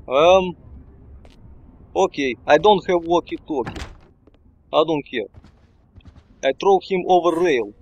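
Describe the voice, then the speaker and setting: A man commentating casually on his gameplay in broken English, bursting into excited shouts. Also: a little high, unhurried, pauses often, highs cut off, a little hiss or hum. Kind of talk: casual let's-play commentary.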